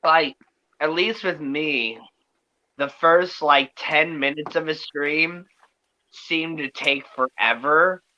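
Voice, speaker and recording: A man's voice: on the high side, slow pace, pushed and bright, lo-fi sound, slight background noise. A man joining a casual livestream chat, explaining things in an easygoing way with filler words. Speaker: stream guest.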